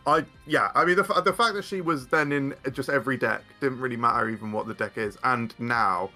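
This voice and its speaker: A man's voice: mid-range voice, fairly quick, sharp tone, soft background music. A man chatting casually as a guest, rambling with frequent fillers and restarts. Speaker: guest card game content creator. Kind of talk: casual chat.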